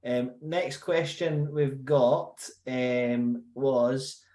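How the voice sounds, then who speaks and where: Joking podcast co-host. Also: male voice, mid-range voice, extremely slow, dark tone. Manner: joking, self-deprecating banter. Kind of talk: casual podcast chat.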